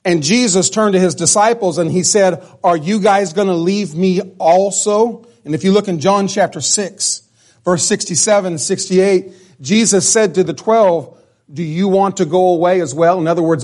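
A man preaching a sermon, emphatic, sometimes dropping to a hush, and often restarting his words. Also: sits high, moderate pace. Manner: emphatic, drops to a hush for dramatic lines.

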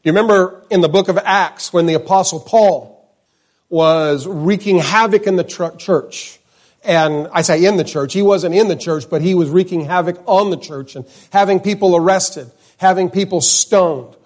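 A man's voice: high voice, normal speed. A man, preaching a sermon in church in an earnest, conversational way. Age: 50s. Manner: earnest, conversational, repeats names for emphasis. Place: church, in front of the pulpit.

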